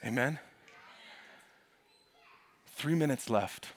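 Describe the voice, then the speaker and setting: A male pastor preaching a sermon in a church, telling the story dramatically and swinging from hushed to loud. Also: medium pitch, very slow.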